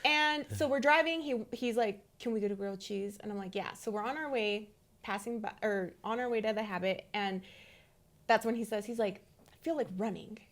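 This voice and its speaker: A woman in her thirties co-hosting a podcast, telling a story in a casual, animated way and acting out the dialogue. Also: on the high side, brisk. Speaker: podcast co-host. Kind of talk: casual conversation.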